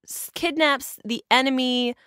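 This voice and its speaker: A woman's voice: high voice, fairly even intonation, measured pace, a bit bright, smooth, dry recording, studio quality. A woman hosting a casual podcast, explaining facts at length with small fillers and restarts. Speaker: podcast host presenting comic history.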